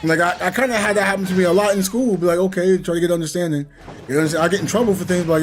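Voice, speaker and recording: A young gaming channel host talks casually and reflectively as he plays, rambling and chuckling between points. His voice is high-pitched and rapid-fire, with a little hiss or hum in the recording.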